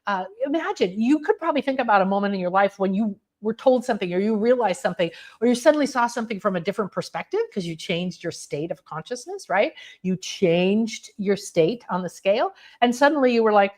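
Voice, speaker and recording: A woman's voice: medium pitch, expressive, fairly quick, few pauses. A woman who is a spiritual teacher and sound healer, leading a live online class in a bubbly, rambling way and often exclaiming aloud.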